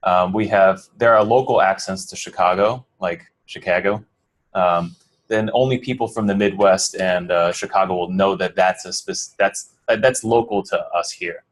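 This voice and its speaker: A man's voice: low-pitched, steady tone, normal speed. A man from New Jersey with an American accent, teaching a coding class in a casual, rambling way, full of fillers and restarts, questions to the students. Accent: American English. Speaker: coding bootcamp instructor. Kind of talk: classroom lecture.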